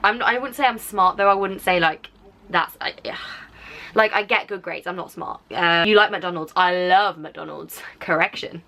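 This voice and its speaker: Chatty young English woman, bright voice. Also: lowish voice, normal speed, creaky. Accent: softened English, drifting toward Black Country. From Black Country, England. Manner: chatty, rambling, frequent "like" fillers. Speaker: YouTuber. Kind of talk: casual reaction chat to camera.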